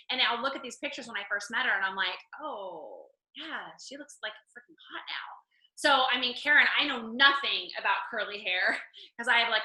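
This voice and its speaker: A woman with a high, very bright voice coaches her group in a chatty, animated way. She tells stories full of "like" and keeps talking fast and easily. The sound is echoey, as if in a bare room. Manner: chatty, animated storytelling with lots of "like". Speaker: fitness coach leading a group call. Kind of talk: casual coaching talk.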